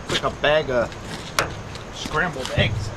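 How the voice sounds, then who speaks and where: A man's voice: fairly high pitch, takes it slowly, heavy background noise. A man talking casually to his camera outdoors by his truck, rambling with lots of fillers as he tells a story. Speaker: volunteer vlogger.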